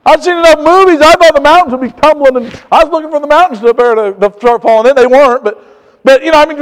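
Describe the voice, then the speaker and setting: A man from Indiana preaching a sermon as pastor, swinging from hushed, low passages to loud, slow, emphatic ones. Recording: long reverb of a large hall.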